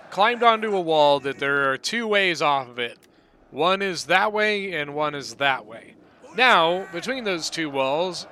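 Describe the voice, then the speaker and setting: A man giving relaxed, rambling play-by-play commentary on a strategy game battle, often correcting himself mid-sentence. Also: a little high, a little hiss or hum. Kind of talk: casual gameplay commentary.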